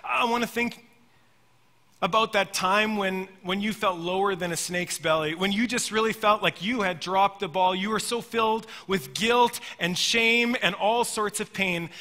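High, bright-voiced preacher in a reverberant hall. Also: male voice. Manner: earnest storytelling, addresses listeners as friends. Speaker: pastor. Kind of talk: sermon.

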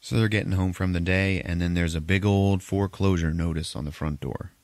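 Man, podcast host, very deep voice, dry close sound, casual profane movie recap. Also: fairly even intonation, a little fast, darkish tone, no room sound. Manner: profane, laughing, rambling storyteller.

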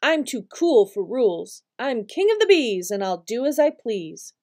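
Lady doing a show-off bee boy, sing-songy bragging, kinda high, soft mellow tone, storybook. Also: very animated, unhurried. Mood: boastful. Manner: bragging, sing-song rhymes. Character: cocky boastful young male bee. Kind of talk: storybook reading.

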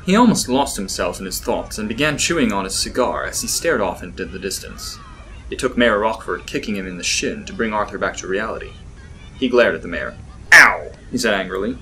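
A man giving measured, scripted narration of a fictional story. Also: fairly low pitch, lively intonation, a bit bright, a little hiss or hum, low-quality recording.

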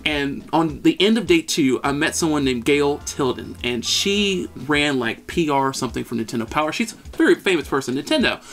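A man in his thirties co-hosting a podcast, telling a story in an animated, excitable way. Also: on the high side, fairly quick, vocal fry, hardly any pauses, faint music behind. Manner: animated, excitable, shouts at peaks. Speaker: podcast co-host. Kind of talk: casual storytelling chat.

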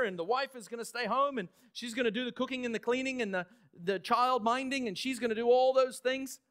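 A male pastor with an Australian accent preaching a sermon, lively with sarcastic asides. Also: extremely high pitch.

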